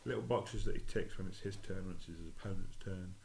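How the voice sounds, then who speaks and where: A man's voice: low voice, brisk, creaky, slight background noise. A man co-hosting a podcast, telling stories casually and acting out the other people's voices as he goes. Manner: animated storyteller acting out quoted voices, chuckling. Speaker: podcast co-host and tournament organizer. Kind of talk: casual storytelling chat.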